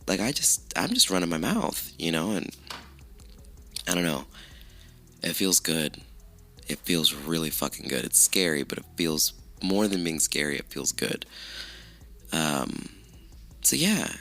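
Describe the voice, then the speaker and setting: A man hosting his own podcast, chatting casually with lots of swearing and self-mockery, his voice rough with morning allergies. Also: low-pitched, big pitch swings, normal speed, pushed and bright, faint music behind. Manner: chatty, profane, self-mocking. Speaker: podcast host. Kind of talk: casual solo podcast chat.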